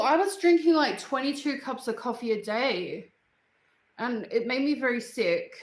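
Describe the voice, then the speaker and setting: Chatting casually on her indoor home livestream, an Australian host from Queensland bluntly responds to viewer comments. Her voice sits a little high, and the rough recording has a roomy sound.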